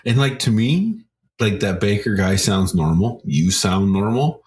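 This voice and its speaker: A man's voice: fairly low pitch, animated, measured pace, a little mellow. A Canadian man co-hosting a podcast, talking in a laid-back, casual way and swearing now and then. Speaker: podcast co-host. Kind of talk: casual chat.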